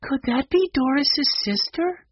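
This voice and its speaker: A man doing a soft, gentle young girl. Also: extremely high pitch, animated, measured pace, dry recording, highs cut off, pitched above the performer's own voice.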